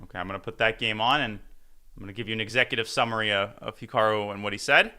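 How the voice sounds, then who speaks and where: A man's voice: fairly low pitch, steady tone, rapid-fire, pushed and bright, clean tone. A man commentating on chess in casual live talk, playful and rambling, telling jokes and stories.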